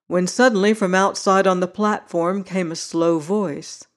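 A narrator reads a classic novel aloud in a steady, measured way. The voice sits at a middle pitch, neither high nor low. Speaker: audiobook narrator.

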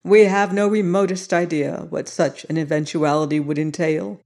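Narrator doing an old guy sociologist, benign, soft but insistent, storybook reading. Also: medium pitch, steady tone, moderate pace, vocal fry, lightly acted. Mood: grave. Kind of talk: audiobook reading.

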